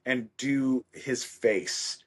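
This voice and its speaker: Man, middle-aged guest, mid-pitched; animated storyteller who acts out everyone he quotes. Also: extremely slow, breathy edge. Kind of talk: casual anecdote.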